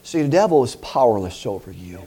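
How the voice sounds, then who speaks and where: A middle-aged man preaching a lively sermon, laughing and acting out voices as he tells stories. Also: mid-range voice, a little fast.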